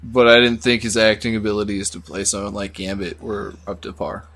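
A man's voice: fairly low pitch, little pitch movement, fairly quick, vocal fry, fairly bright tone. A man co-hosting a casual chat, pushing back with dry teasing remarks.

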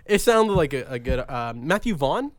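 A man's voice: on the high side, sing-song, normal speed, dry recording, clean studio sound. A young man co-hosting a movie podcast, ranting and joking with lots of swearing. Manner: profane, rambling, mock-ranting. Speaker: podcast co-host. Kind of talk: casual comedic chat.

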